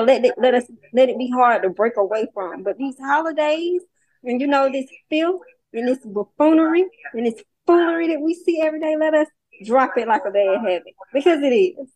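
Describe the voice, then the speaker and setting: A woman's voice: on the high side, a little mellow, no echo, low-quality recording. A woman calling in to a group call, speaking in an impassioned, emphatic way with rhetorical questions. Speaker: caller, mother of a ten-year-old.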